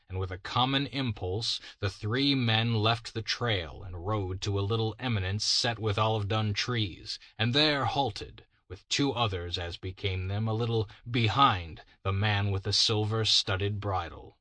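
A man narrating a classic story as an audiobook reader, in a measured, deliberate way. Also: on the low side, bright, forceful tone, dry recording.

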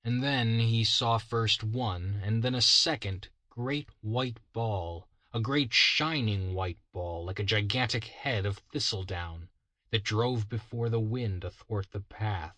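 A man narrates a story slowly and deliberately, with a somewhat low voice. His tone is bright and clear. The recording is dry and close, with no room sound. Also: no room sound. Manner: slow, measured reading. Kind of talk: scripted narration.

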